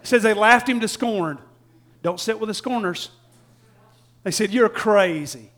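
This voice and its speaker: A man preaching a sermon, folksy and laughing often, swinging from shouts to hushed tones and acting out quotes. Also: high voice, normal speed.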